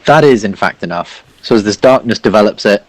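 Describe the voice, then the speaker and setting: A man runs a tabletop game as game master, rambling through scenes with lots of fillers. His voice sits low, and the recording is dry and close. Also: lively intonation, brisk, no room sound, low-quality recording.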